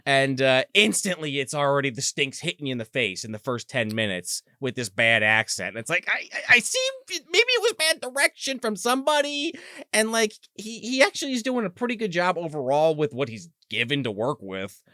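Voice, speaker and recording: A man's voice: medium pitch, very animated, brisk, hardly any pauses, pushed and bright, dry recording, studio quality. A man in his thirties co-hosting a casual movie review podcast, rambling and joking as he talks. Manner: rambling, joking, restarts sentences. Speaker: podcast co-host.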